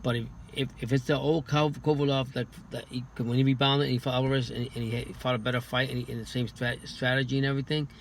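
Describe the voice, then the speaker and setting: Male boxing guest, flat monotone, halting speech with restarts. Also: mid-range voice, gravelly, slight background noise. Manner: halting, many restarts and repeated words. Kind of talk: casual podcast chat.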